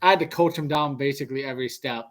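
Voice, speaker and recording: A man's voice: mid-range voice, fast talker. A young man casually telling a story among friends on a podcast, acting out the quotes in a raised voice. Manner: animated, acts out quotes in a raised voice. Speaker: podcast co-host.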